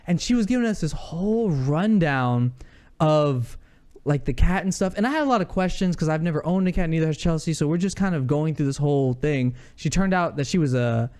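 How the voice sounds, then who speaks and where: A man co-hosting a podcast, telling a story in casual chat, animated and laughing often. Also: on the high side, a little fast, clear, resonant tone. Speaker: podcast co-host.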